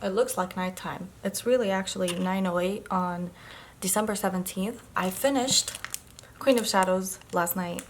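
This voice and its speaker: A woman's voice: mid-range voice, normal speed. Young woman, book vlogger, casual chatty recap, rambling, filler words. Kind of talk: casual reading vlog.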